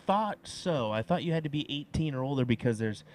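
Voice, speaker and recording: A man's voice: medium pitch, lively intonation, a little fast, a little mellow, slight background noise, low-quality recording. Inquisitive male darts co-commentator. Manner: curious, asks questions, adds background details. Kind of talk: casual live-stream commentary.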